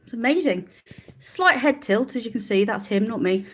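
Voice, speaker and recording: A woman's voice: on the high side, lively intonation, moderate pace, husky. Chatty woman live-streaming from home. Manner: chatty and easily sidetracked, talking to viewers and calling her dogs. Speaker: livestreaming vlogger. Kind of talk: casual live-stream chat. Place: living room of a rented house, indoors. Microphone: handheld phone, then a phone stand.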